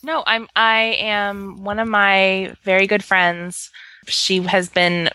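A woman's voice: medium pitch, level tone, slow pace, bright, forceful tone, rough recording. A woman on a podcast telling a personal story in an easygoing way. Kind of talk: casual group chat.

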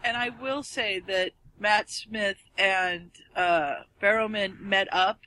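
A woman's voice: medium pitch, slow, sharp tone, dry recording, rough recording. A woman in a casual chat, eagerly adding enthusiastic details.

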